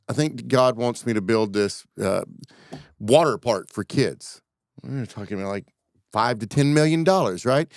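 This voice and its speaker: A man's voice: medium pitch, animated, moderate pace, dry recording, clean studio sound. A man co-hosting a podcast who talks earnestly and reflectively about his faith in a casual chat. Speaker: podcast co-host.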